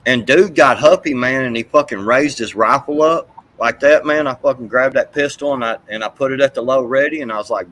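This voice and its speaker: A man's voice: mid-range voice, fairly quick, few pauses, fairly bright tone, poor audio. A man telling a heated, profane, rambling story in casual chat.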